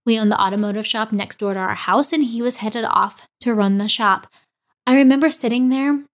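Lively woman telling a personal story. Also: on the high side, a little fast. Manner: animated, acts out quoted dialogue. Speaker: podcast host.

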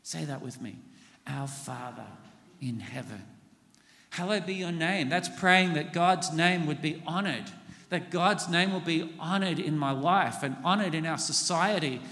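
A man's voice: a little high, moderate pace, sharp tone. A man preaching a sermon in a church, earnestly leading the congregation through the lines of a prayer. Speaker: pastor. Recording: long hall reverb.

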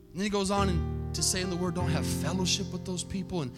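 A man preaching a sermon to his church, impassioned, swinging from soft reflection to near-shouted, chanted exhortation. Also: high-pitched, steady tone, fast talker, few pauses, loud music behind the voice. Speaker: pastor. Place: church sanctuary.

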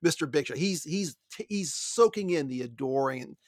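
Man, higher voice, very lively pitch, excitable podcast co-host. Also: moderate pace. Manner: animated, excitable, pushes back with questions. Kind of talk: book discussion podcast.

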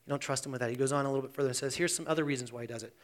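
A man preaching a sermon as pastor. He swings between hushed, intense passages and loud, animated emphasis. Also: medium pitch, very fast. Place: church sanctuary. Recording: long church reverb.

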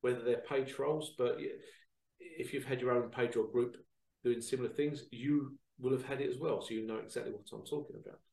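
A man hosting a show, talking casually to viewers in a chatty, animated storytelling way that repeats phrases. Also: mid-range voice, a little fast, vocal fry, recorded from a distance. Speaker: psychic reader and show host. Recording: roomy sound, away from the mic.

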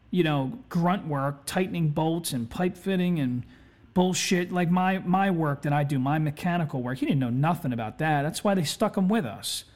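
A man hosting a podcast, telling a story in a laid-back, chatty way, swearing constantly and saying "you know" a lot. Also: high voice. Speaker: podcast host. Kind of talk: casual storytelling.

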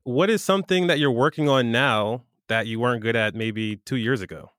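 A man's voice: mid-range voice, normal speed, a bit bright, no echo, studio quality. A man interviewing a guest, asking casual questions with small hesitations.

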